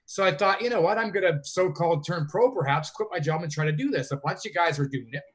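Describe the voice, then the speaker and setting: A man's voice: high-pitched, fast, a bit bright. A man from Canada, a fantasy sports player, telling long rambling stories as a guest in a casual interview. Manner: rambling, self-correcting storyteller.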